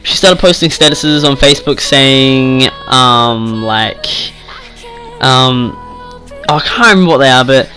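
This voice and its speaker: Rambling teenage guy, bright voice. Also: mid-range voice, measured pace, faint music behind, rough recording. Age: teens. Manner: rambling, swears freely, lots of "like". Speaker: vlogger. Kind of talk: casual storytime rant.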